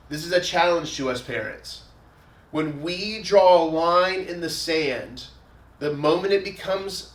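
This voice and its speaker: A man's voice: fairly high pitch, a bit bright, distant mic. A man preaching a sermon as a pastor in a conversational way, walking through everyday examples. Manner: conversational preaching, repeats "again", everyday scenarios. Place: church sanctuary. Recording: echoey room, voice from afar.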